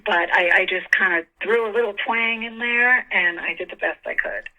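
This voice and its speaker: A woman's voice: mid-range voice, normal speed, narrow, tinny audio. A woman with a New York accent, a guest actress talking casually in an interview and laughing often.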